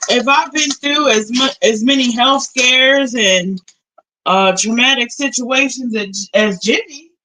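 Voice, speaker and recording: A young woman live streamer in casual chat, animated and talkative, switching between low mutters and loud outbursts. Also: a little slow, poor audio. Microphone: phone.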